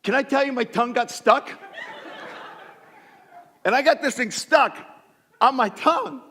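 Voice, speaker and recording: A man's voice: very high-pitched, measured pace, in a large hall. A middle-aged male pastor telling funny personal stories in a sermon, self-deprecating and acting out voices. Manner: animated storytelling, self-deprecating humor, acts out voices. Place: church sanctuary.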